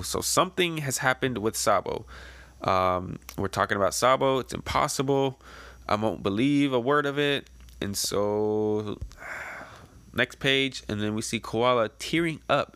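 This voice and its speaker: A man's voice: on the low side, moderate pace, fairly bright tone, no room sound. A man casually reading a comic page by page, speculating aloud with lots of fillers. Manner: chatty, speculative, many fillers. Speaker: comic reader and reactor. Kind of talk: casual read-through with commentary.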